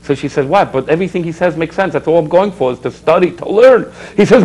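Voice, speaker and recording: A rabbi hosting a public access TV show preaches to his viewers in a slightly high male voice with lively intonation and a darkish tone. He talks quickly with few pauses, exhorting, posing rhetorical questions and slipping in anecdotes. The recording is low quality.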